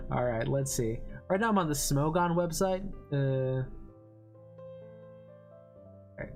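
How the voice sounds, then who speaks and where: A man's voice: medium pitch, moderate pace, vocal fry, hardly any pauses, a little mellow, faint music behind. A man streaming casually, reading internet copypastas with mock-menacing dramatic delivery.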